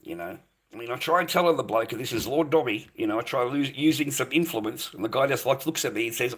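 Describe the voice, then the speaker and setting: A man's voice: mid-range voice, expressive, fast, slightly rough. Rambling older man streaming. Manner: rambling, repeats himself, calls viewers mate and boys. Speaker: livestreamer. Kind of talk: rambling livestream chat.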